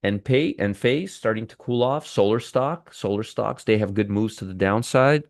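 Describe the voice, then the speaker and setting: A man's voice: on the low side, normal speed, creaky, no room sound, clean studio sound. A man hosting a live pre-market trading show, running through stock picks with a wry, teasing manner.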